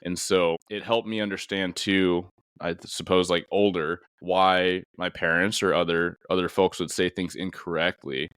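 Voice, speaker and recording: A man's voice: low voice, level tone, normal speed, few pauses, fairly bright tone, clean tone, dry recording, clean studio sound. A man hosting a casual interview conversation, a police officer, thoughtful and rambling with many fillers. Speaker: podcast host and police officer.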